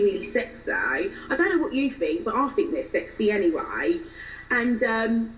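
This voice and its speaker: A woman's voice: high-pitched, echoey room. Woman doing a giddy Essex girl. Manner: bubbly, drawn-out gushing with rising questions. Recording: dull lo-fi, distant from the mic.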